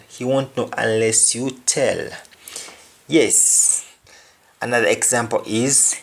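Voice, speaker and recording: Slow, deliberate male language teacher. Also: medium pitch, steady tone, vocal fry. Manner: slow, repeats each word and phrase. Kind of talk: explaining vocabulary with examples.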